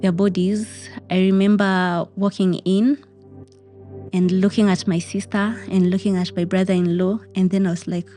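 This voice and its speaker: A woman's voice: medium pitch, flat delivery, normal speed, dark tone, faint music behind. Kenyan woman telling a grief story. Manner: emotional, repeats phrases, mixes in Swahili words. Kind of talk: personal storytelling.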